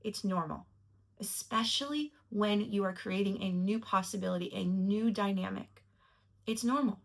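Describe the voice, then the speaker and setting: A woman's voice: medium pitch, moderate pace, gravelly. A woman telling a personal story to camera in a reflective, earnest way, at times emotional. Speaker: vlogger.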